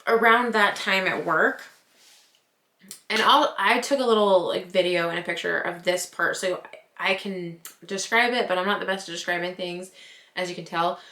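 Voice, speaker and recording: A woman's voice: on the low side, sharp tone. A young woman telling a spooky personal story in a chatty vlog, with lots of "like" and laughing at herself. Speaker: vlogger. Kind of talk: casual storytime. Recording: roomy echo.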